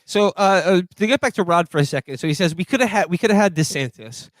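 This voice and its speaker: A man co-hosting a podcast, reading long passages aloud in a wry, deadpan-amused way. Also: sits high, fast, dry recording. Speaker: podcast co-host. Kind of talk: casual comedic chat, reading quotes aloud.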